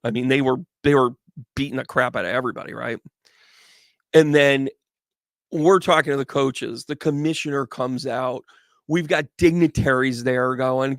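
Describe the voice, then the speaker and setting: Gravelly chatty man telling a story. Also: mid-range voice, steady tone, unhurried, a bit bright, no echo, studio quality. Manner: rambling, chatty, frequent restarts. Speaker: host, medium. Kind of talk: casual storytelling to a live audience.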